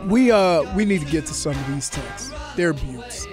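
A man's voice: a little high, animated, normal speed, music in the background. A man co-hosting a radio sports show, reading listener texts and teasing with frequent laughs.

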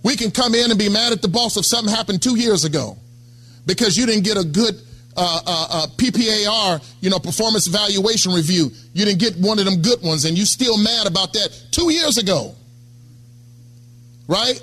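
A middle-aged pastor preaches in a high, bright voice. He talks to the congregation like a friend, checking in with them again and again. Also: normal speed. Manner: conversational preaching, calls out to congregation. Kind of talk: sermon.

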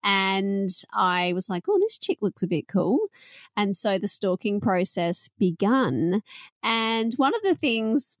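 A woman's voice: mid-range voice, sing-song, slow, no room sound. A woman with an Australian accent hosting a podcast in bubbly, chatty talk, laughing often. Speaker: podcast host. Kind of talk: casual chat.

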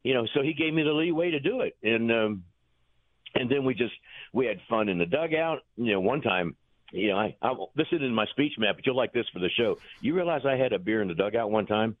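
A man, a former pitching coach, telling folksy, rambling anecdotes in an interview, chuckling as he goes. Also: expressive, a little fast, no room sound. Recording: tinny phone line.

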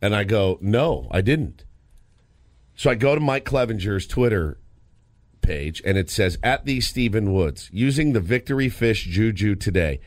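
Animated male sports radio storyteller. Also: on the low side, a little slow, no room sound, clean studio sound. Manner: animated storyteller, lots of restarts. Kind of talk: casual sports radio chat. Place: radio studio.

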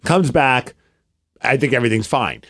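A man in his thirties co-hosting a podcast, telling a story with plenty of energy. His voice sits at a middle pitch, and he slips into quoted lines as he goes. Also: normal speed. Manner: animated storytelling, acts out quotes. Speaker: podcast co-host. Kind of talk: casual chat.

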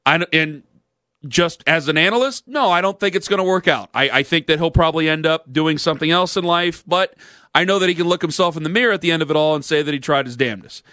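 A man in his thirties hosting a sports talk radio show, animated, self-mocking and earnest, speaking into a studio microphone. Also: on the high side, fast, dry recording. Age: 30s.

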